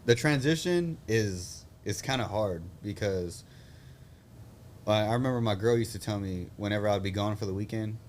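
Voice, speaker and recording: A man's voice: on the low side, normal speed, a little hiss or hum. A young man, an Army veteran hosting a casual chat, telling blunt, profane stories with a laugh. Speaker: podcast host, Army veteran.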